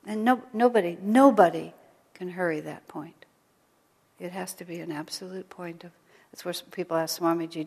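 A woman giving an informal spiritual talk to a small group, gentle and conversational, sometimes dropping almost to a whisper. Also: lowish voice, normal speed, breathy edge. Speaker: spiritual teacher. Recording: long reverb of a hall.

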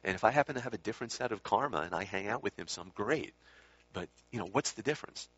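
Fast and animated, a husky man with a fairly low pitch and fairly bright tone shares a rambling, casual story about a spiritual teacher he once spent time with. He keeps correcting himself and adding asides, all on a dull lo-fi recording.

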